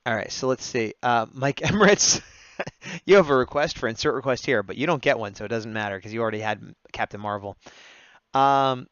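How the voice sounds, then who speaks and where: A livestreaming artist taking drawing requests talks casually with his viewers, narrating his drawing as he goes over dull lo-fi audio. His voice is medium-pitched, brisk and a bit bright, with a clean tone and no room sound. He keeps up a chatty running commentary and often laughs at his own jokes.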